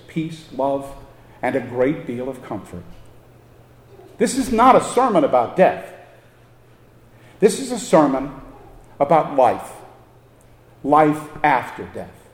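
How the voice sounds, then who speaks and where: A man preaching a sermon as a pastor, slow and deliberate, with emphatic pauses. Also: on the high side, big pitch swings, a little mellow, reverberant, long reverb tail.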